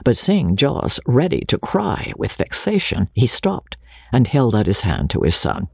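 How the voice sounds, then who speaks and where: A man narrating a classic novel in a breathy voice, often sinking to a near-whisper. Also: mid-range voice, huge pitch swings, a little slow, no room sound, studio quality. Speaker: audiobook narrator. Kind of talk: storybook narration.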